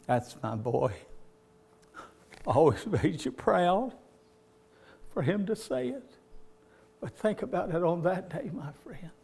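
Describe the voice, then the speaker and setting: A male preacher with a fairly high-pitched voice delivers an impassioned sermon. He builds to loud, stretched-out peaks and keeps turning to his listeners as "my friend".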